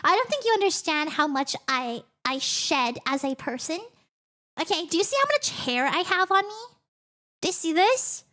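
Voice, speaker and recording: A woman's voice: extremely high pitch, sing-song, moderate pace, pushed and bright. A young woman live-streaming in casual chat, giggling often and breaking off mid-sentence.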